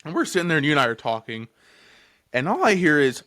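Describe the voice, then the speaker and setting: Young male podcast co-host, mid-twenties, bright and animated delivery, profane and giggly storyteller. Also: a little high, quick pace. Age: 20s. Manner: profane, laughs often, lots of fillers.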